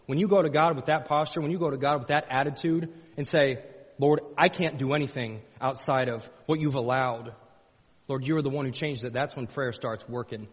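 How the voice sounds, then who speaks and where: A man's voice: mid-range voice, a little fast, breathy edge. A man preaching a sermon as pastor, folksy, repeating phrases and rising into fervent pleading. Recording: dull lo-fi sound with long hall reverb.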